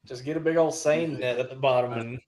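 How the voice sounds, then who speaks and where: A man joining a casual fishing stream, easygoing and quick to laugh. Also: mid-range voice, fairly even intonation, over a noisy crowd.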